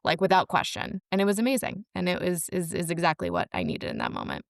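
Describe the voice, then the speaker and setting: A woman's voice: fairly low pitch, wildly swooping pitch, fast, gravelly, no room sound, clean studio sound. A young woman telling her story in a candid, wry way on a casual podcast.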